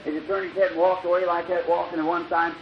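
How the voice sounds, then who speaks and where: A man, preaching in an old-time revival sermon, his voice high and thin. He tells a story and acts out each speaker, rising to loud bursts and dropping to hushed lines. The recording is dull and lo-fi, with a steady hiss. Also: quick pace. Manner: storytelling, acting out dialogue with sudden loud bursts and soft drops.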